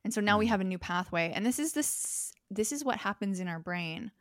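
A woman's voice: mid-range voice, expressive, a little fast, no room sound, clean studio sound. A young woman speaking as a guest in a podcast conversation. She talks thoughtfully and explains her ideas through examples. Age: young adult.

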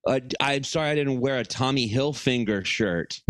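A man's voice: mid-range voice, normal speed, fairly bright tone, dry recording, natural voice. A man playing a petulant grown son who swears and complains to his mother. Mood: whiny. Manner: swearing, whiny, defensive. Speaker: podcast co-host. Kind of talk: improvised comedy bit.

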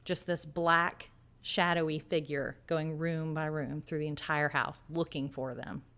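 A woman co-host with a fairly low voice tells a story in a relaxed podcast chat. She leans into it dramatically and acts out what people said. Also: a little slow. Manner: dramatic storyteller acting out quotes.

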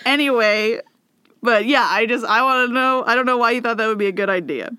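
A woman's voice: on the high side, brisk, pushed and bright, clean tone, no room sound, clean studio sound. Chatty storytelling woman in her twenties. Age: 20s. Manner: chatty storyteller, acts out quotes. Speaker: podcast co-host. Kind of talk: casual history podcast chat.

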